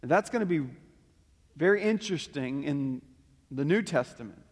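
A man's voice: on the high side, animated, normal speed, breathy edge. A man preaching a sermon, teaching earnestly and reading scripture passages aloud with rising emphasis. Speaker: pastor. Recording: long hall reverb.

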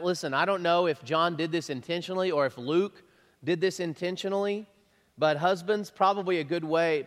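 A man preaching in a casual, conversational way, quick to chuckle and circling back on his own phrases. His voice sits a little high for a man. It rings out in a big hall with a long tail of reverb. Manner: lively, chatty preaching with frequent chuckles and repeats. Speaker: pastor. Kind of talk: conversational sermon.

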